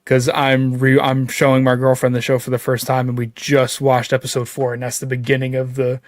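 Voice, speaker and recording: A man of middle pitch chatting about a show he loves. He gets excitable, curses a lot and breaks into laughter. His voice sits dry and close to the mic. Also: fairly quick, no echo. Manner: excitable, swears a lot, laughs while talking. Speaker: podcast co-host. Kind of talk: casual review chat.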